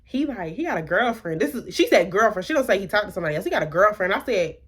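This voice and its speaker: A young woman recounts a personal drama to her viewers, animated and talkative. She keeps asking rhetorical questions and acts out what everyone said. Her voice sits in a middle range for a woman. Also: medium pitch, fast, slightly rough. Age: young adult. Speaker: vlogger. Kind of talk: storytime vlog.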